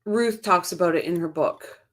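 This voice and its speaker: A woman's voice: lowish voice, moderate pace. A woman hosting a casual true-crime livestream, reading viewer comments aloud and reacting to them in a chatty way. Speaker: livestream host reading chat.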